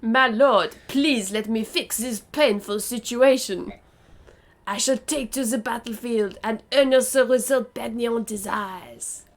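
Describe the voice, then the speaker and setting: A woman's voice: a little high, a little slow. A woman voicing an eager male knight commander who speaks formally and deferentially to his lord. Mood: fawning.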